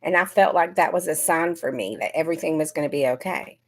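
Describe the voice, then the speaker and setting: Brief: middle-aged woman, lowish voice, chatty livestream host who talks straight to her viewers. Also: quick pace. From Georgia, US. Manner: chatty, greets viewers by name. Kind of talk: casual livestream chat.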